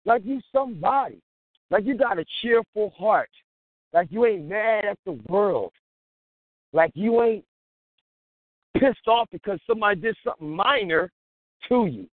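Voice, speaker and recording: A man's voice: sits high, dry recording. A man giving an informal, exhorting sermon-style talk, conversational and punctuated with laughter. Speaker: lay preacher. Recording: tinny phone-like dry line.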